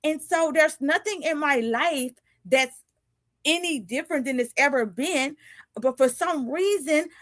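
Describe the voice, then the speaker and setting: A woman's voice: sits high, a bit bright, no room sound. A woman in her fifties hosting a casual live video chat as a podcast host and coach. She talks animatedly, laughs often and acts out little dialogues. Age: 50s.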